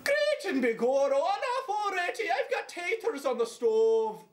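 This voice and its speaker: A man's voice: very high voice, big pitch swings, soft background music, pitched above the performer's own voice, heavily acted. A man voicing a flippant stereotyped Irish man in a parody sketch, with an overdone fake Irish accent. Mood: flustered. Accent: exaggerated fake Irish accent. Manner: dodges questions, breaks into a slow sentimental song.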